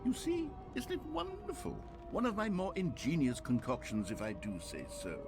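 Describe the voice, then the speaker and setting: A pompous game narrator. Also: male voice, fairly high pitch, very animated, moderate pace, creaky, music in the background. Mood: pleased. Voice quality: pompous, self-satisfied. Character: smug British male narrator of a game.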